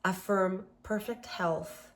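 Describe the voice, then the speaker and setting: A woman hosting a self-love workshop, leading a guided meditation with gentle, affirming words in a calm manner. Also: mid-range voice, slow, slight background noise.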